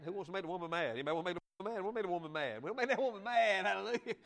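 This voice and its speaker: A man preaching a folksy, humorous sermon with sudden loud bursts. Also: high voice, animated, rapid-fire, gravelly. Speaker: pastor.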